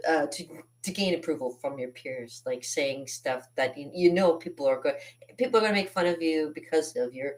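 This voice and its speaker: A woman's voice: low voice, normal speed. A woman in her fifties telling self-deprecating stories in a rambling casual monologue, often laughing at herself. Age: 50s. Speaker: artist and channel host.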